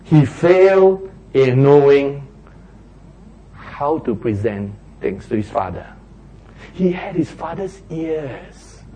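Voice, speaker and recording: A man's voice: medium pitch, lively intonation, slow, dull audio, background noise. A man, preaching a sermon and acting out little street quarrels in raised voices.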